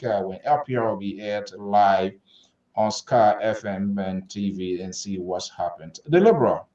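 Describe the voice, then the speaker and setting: Low, mellow host on distant remote audio. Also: male voice, echoey room, dull audio. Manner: steers the panel, brisk wrap-ups. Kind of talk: hosting a political talk show.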